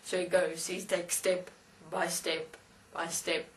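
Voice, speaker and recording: A woman's voice: fairly low pitch, flat delivery, slow, a little hiss or hum. A woman casually telling a comic anecdote, laughing along and swearing freely. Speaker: storyteller. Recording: voice distant from the mic.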